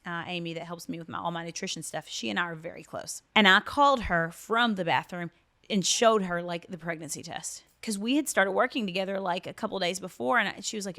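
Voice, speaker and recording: A woman in her thirties hosting a podcast, telling a personal story in an earnest, emotional way, often dropping into a hushed voice for quotes. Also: medium pitch. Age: 30s. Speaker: podcast host.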